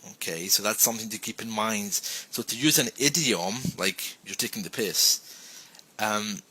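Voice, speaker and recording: A man's voice: slightly rough, poor audio. A man giving a casual lesson, chatting and acting out sample phrases. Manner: chatty, acts out sample phrases with lively pitch jumps. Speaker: English teacher.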